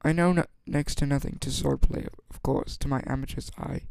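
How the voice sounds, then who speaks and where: A man reading aloud and voicing an old, scheming male politician who speaks blandly and a little higher than his own voice. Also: fairly even intonation, fairly quick, a little mellow, smooth, no echo, close to an everyday voice.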